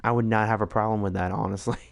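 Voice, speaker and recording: A man's voice: fairly low pitch, steady tone, quick pace, vocal fry, no echo, clean studio sound. A man rambling in a casual late-night chat, full of fillers and laughter. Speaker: streamer host.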